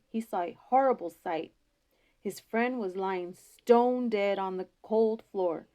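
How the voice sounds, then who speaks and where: Unhurried woman telling a folktale. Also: mid-range voice, highs cut off. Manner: unhurried, homey and expressive. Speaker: storyteller. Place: school library.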